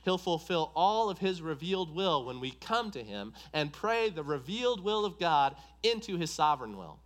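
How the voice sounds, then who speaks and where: A man's voice: sing-song, normal speed. Emphatic man preaching a sermon. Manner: emphatic, repetitive preaching cadence, rising in pitch for emphasis.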